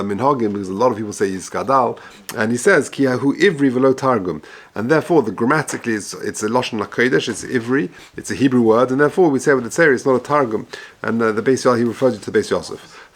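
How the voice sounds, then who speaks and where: Male rabbi teaching a text lesson, reading and translating line by line, steady mid pitch, unhurried. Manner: reads Hebrew-Aramaic text then explains in English, measured and halting.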